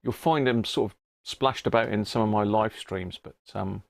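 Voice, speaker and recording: A man's voice: fairly low pitch, normal speed, creaky, no room sound, clean studio sound. A middle-aged man hosts a casual live stream from his home workshop, chatting, greeting viewers by name and chuckling often. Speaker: livestream host.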